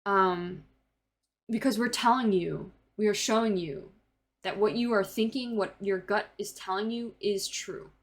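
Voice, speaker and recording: A woman's voice: mid-range voice, measured pace. A young woman in her early twenties talks through a tarot reading in a loose, unscripted way. She rambles, leans on fillers and restarts, and drops the occasional swear word as she explains the cards. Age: early 20s. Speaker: tarot reader.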